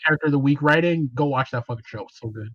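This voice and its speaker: A man's voice: fairly high pitch, very fast, no room sound, highs cut off. A man hosting a podcast in casual, slangy chat, swearing freely. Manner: laid-back, slangy, swears a lot. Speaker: podcast host.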